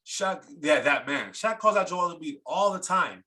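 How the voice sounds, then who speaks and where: A man co-hosting a sports talk podcast, ranting in a heated, blunt way. His voice is bright and sits a little high for a man. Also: expressive, normal speed. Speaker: podcast co-host.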